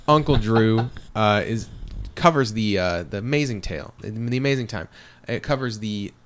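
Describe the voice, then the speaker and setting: A man's voice: on the low side, expressive, moderate pace, a little hiss or hum. A tired young man hosting a casual sports podcast, rambling along with many fillers and restarts. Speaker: podcast host.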